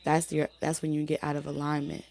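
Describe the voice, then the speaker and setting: A woman giving a casual spoken tarot reading, talking loosely with many fillers and restarts, her voice going hoarse. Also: sits low, monotone, a little fast, a little mellow. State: losing her voice. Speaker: tarot reader.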